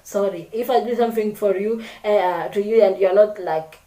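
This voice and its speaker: A woman's voice: medium pitch, moderate pace, dark tone, echoey room, low-quality recording. A woman vlogger talking to camera about getting along with people, speaking unscripted, often repeating and correcting herself and acting out little examples. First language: French. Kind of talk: casual advice talk to camera.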